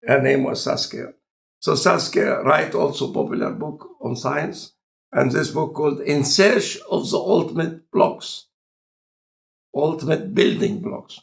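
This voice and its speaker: A man with an Egyptian accent and a non-native speaker of English, talking in a relaxed, conversational lecture style with deliberate, halting phrasing. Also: on the high side, vocal fry. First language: Arabic. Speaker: scientist in conversation.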